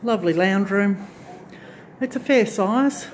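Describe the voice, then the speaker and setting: A woman's voice: mid-range voice, measured pace. Chatty woman showing round her farm unit, handheld phone, bit of faint noise behind. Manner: chatty, rambling, self-correcting. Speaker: craft channel vlogger. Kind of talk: casual home tour. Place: farm lodge unit, indoors and on the back porch.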